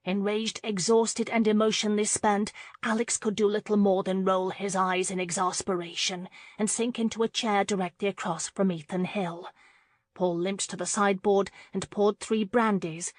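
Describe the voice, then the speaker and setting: A woman narrating a romance audiobook in a steady, measured way. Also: medium pitch, no echo. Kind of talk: scripted narration.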